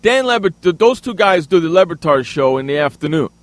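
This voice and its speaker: A man hosting a sports radio show, ranting angrily and loudly with plenty of profanity. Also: on the high side, lively intonation, brisk. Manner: loud, angry, profane ranting. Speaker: radio host. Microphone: studio microphone.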